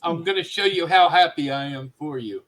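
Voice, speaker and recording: A man's voice: on the high side, fairly quick, fairly bright tone, poor audio. A man hosting a podcast in casual chat, easygoing in his manner. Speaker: podcast host.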